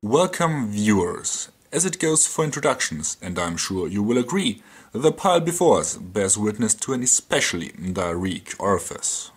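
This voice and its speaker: A man's voice: on the low side, very animated, normal speed, husky. A man with a German accent delivering dry, sarcastic scripted commentary.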